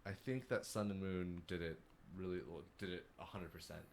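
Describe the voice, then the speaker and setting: A man co-hosting a podcast, chatting casually about video games and riffing with dark jokes. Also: low voice, a little fast, slight background noise. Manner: animated, darkly joking rambles. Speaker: podcast co-host. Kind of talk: casual gaming chat.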